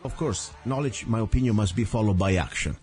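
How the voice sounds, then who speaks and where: A man's voice: fairly low pitch, brisk, darkish tone, husky, faint music behind. A man from Italy with an Italian accent, hosting a talk radio show in an earnest, rambling way with frequent self-corrections. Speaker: radio host.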